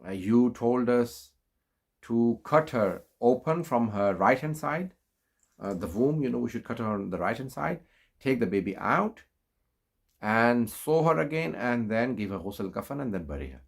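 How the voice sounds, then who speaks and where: A middle-aged man preaching, telling a religious story slowly with many fillers and rising emphasis. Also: very animated, creaky, husky. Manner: unhurried, many fillers, rises in pitch for emphasis. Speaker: Islamic preacher. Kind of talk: storytelling sermon.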